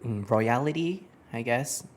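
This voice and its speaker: A man hosting a casual conversation lesson, thinking aloud with frequent pauses and fillers as he searches for words. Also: medium pitch. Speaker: host of an English conversation lesson. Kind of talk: casual unscripted conversation in English and Japanese.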